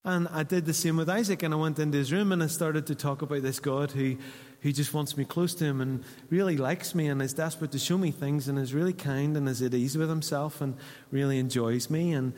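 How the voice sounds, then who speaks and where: A man preaching a sermon in a church hall, conversational and earnest, dropping to hushed asides. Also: on the high side, fairly even intonation, brisk. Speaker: pastor.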